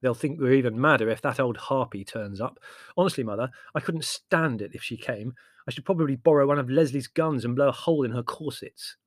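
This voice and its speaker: A man's voice: medium pitch, a little fast, no room sound, studio quality, close to an everyday voice. A man voicing a sardonic, theatrical young writer who talks dramatically and sarcastically. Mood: exasperated.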